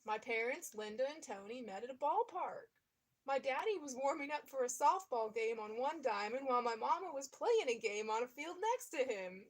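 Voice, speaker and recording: A woman reading a memoir aloud in a steady voice, now and then stopping to comment on it and laugh. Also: fairly high pitch. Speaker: reader.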